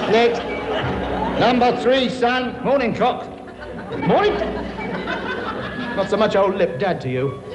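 A man's voice: high-pitched, very animated, loud music behind the voice, a loud crowd, exaggerated voice. A man playing a bossy, jokey king who fathers dozens of children, in a stage comedy sketch. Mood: bossy, jovial. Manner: brisk, blustering and jokey. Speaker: comic lead in a sketch. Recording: audience laughter behind voice.

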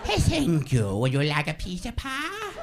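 A man putting on a silly, very high character voice during a stand-up set, slow and sing-song, with monkey-like noises. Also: huge pitch swings, creaky, full character voice. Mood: giddy. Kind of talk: stand-up comedy bit. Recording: live stage audio with noise and crowd. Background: audience.

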